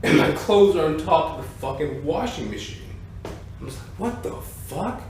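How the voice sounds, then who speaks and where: A comedian with a fairly high voice and vocal fry tells a rambling, profane comic story at a moderate pace, repeatedly saying "ladies and gentlemen" during his stand-up rant. He's recorded at a distance in an echoey room with faint noise.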